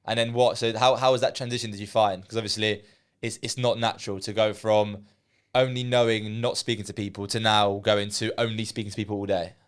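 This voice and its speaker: A man's voice: lowish voice, level tone, brisk, clean tone. A man interviewing a young salesman, casual and blunt, swearing freely and asking leading questions. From England.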